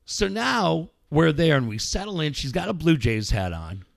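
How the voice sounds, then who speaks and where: A man in casual chat, telling a profane, animated story to a friend. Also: fairly high pitch, moderate pace, creaky, no room sound, clean studio sound. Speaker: podcast co-host telling a story.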